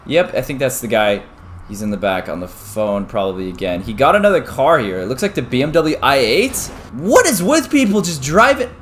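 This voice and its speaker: A young man narrating his gameplay as a YouTuber, excitable, dropping from quiet mutters to sudden yelps. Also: mid-range voice, brisk, slight background noise. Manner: excitable, swings from muttering to yelping. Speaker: gaming YouTuber. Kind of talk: game commentary.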